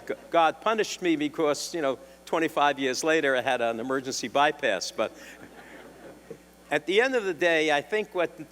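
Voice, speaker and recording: A man's voice: a little high, fairly bright tone, slight background noise. Older New York man telling stories. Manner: anecdotal, wry, with restarts and throat clearing. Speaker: defense attorney speaker. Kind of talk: storytelling talk. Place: lecture hall. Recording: long hall reverb.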